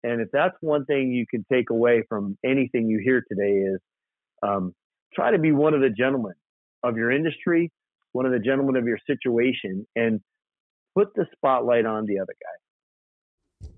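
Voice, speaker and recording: A man's voice: medium pitch, moderate pace, no echo. A man from South Dakota, a custom motorcycle builder, telling rambling stories as an interview guest. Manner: animated, rambling storyteller with fillers. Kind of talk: casual storytelling interview. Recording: tinny dry phone-like line.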